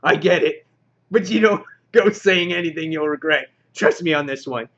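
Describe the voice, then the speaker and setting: A man's voice: on the high side, normal speed, fairly bright tone. A man voicing a stern, tough older male mentor who gives firm advice, in a lo-fi recording.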